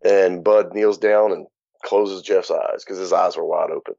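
A man's voice: sits low, steady tone, a little slow, creaky, darkish tone, no echo. A man speaking as an interview guest, telling his story frankly and casually, swearing and sometimes laughing at grim moments. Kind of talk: candid conversational storytelling. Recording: dull muffled podcast audio.

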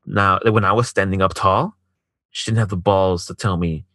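A man's voice: deep voice, steady tone, moderate pace, bright, forceful tone, no room sound. A man telling a personal story in casual chat, swearing a lot, filling his speech with "like", and acting out what others said. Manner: profane, heavy use of filler "like"; acts out quoted dialogue.

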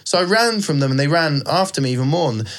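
A man's voice: a little high, expressive, fast talker. A man chatting on a podcast, telling a funny story in a playful, giggly way. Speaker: podcast co-host.

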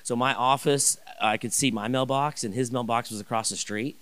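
Animated man preaching a personal story. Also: medium pitch, normal speed. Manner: animated, rambling, many restarts and asides. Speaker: pastor. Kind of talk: sermon storytelling.

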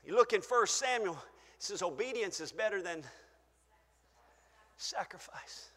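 An older man preaching a fervent sermon as pastor in a church, shouting praise and then dropping to a hush. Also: sits high, lively intonation, measured pace. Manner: shouting, exclaiming hallelujah, swinging between loud and soft. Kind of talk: pentecostal sermon. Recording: church hall reverb.

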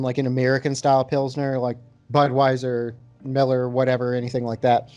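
A man's voice: a little high, darkish tone. A man hosting a casual podcast chat, talking loosely with many filler words while reviewing a beer. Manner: laid-back, lots of filler words.

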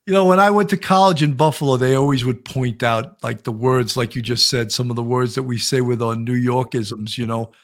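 A man's voice: mid-range voice, brisk, few pauses. A man with a Long Island accent hosting a live stream, chatting casually and telling jokey stories. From Long Island, New York. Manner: jokey, animated storytelling with put-on voices. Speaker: show host.

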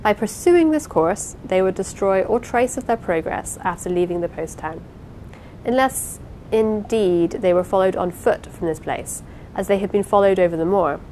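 A woman narrating an audiobook in a measured, expressive reading with occasional pauses. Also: mid-range voice, a little hiss or hum, low-quality recording. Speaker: audiobook reader. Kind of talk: unhurried amateur audiobook narration.

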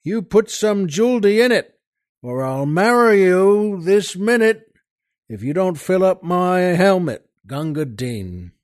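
A man voicing shouting British soldiers who impatiently call for their water carrier in a recited poem. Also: mid-range voice, animated, slow, few pauses, pitched below the performer's own voice. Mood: bellowing. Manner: bellowing, impatient calls.

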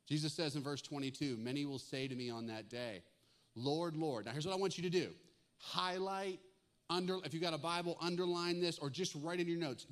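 Guy preaching a sermon, fairly high voice, gets animated and jokey. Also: brisk. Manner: animated, acts out comic asides in lively bursts. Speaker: pastor.

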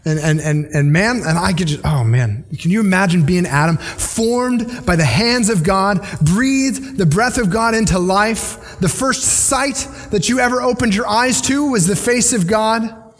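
High-voiced earnest male preacher. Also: expressive, measured pace. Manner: earnest, conversational, restarts and side notes. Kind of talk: sermon. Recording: long hall reverb.

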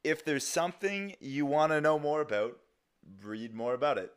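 A man's voice: a little high, lively intonation, moderate pace, clear, resonant tone. A young man hosting a casual solo podcast, rambling loosely with lots of fillers and restarts and some casual swearing. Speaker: podcast host.

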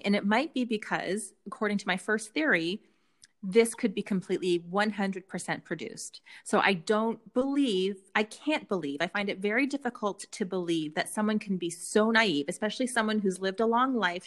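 A woman's voice: mid-range voice, normal speed. A woman co-hosting a podcast, chatting casually and laying out her theories with frequent fillers. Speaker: podcast co-host. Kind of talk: casual chat recapping a reality show.

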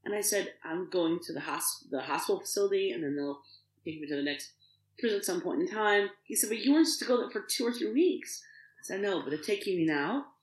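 A middle-aged woman, a podcast guest, telling an emotional personal story in an animated way, acting out the voices of others and often restarting her sentences. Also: mid-range voice, fast talker, echoey room, poor audio.

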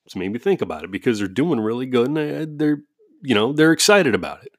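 A man's voice: mid-range voice, animated, fast talker, fairly bright tone, no echo, studio quality. A man talking at home in a casual ranting monologue, profane and sarcastic, with frequent laughs. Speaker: parent with kids at home.

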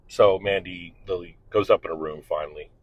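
A man's voice: deep voice, fairly even intonation, a little fast, dry recording. A middle-aged man telling a rambling, profane story in a casual, candid monologue. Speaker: podcast host and father. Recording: dull lo-fi recording.

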